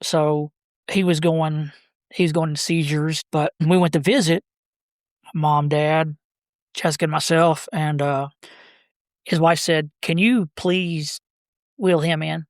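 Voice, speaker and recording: Guy rambling thru family stories, halting, dry close sound. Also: a little high, level tone, dry recording. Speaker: podcast guest. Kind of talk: casual storytelling.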